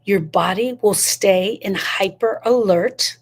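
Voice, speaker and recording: A woman's voice: medium pitch, slow. A woman giving a motivational talk on grief, emphatic and full of repeated rhetorical questions. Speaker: grief educator.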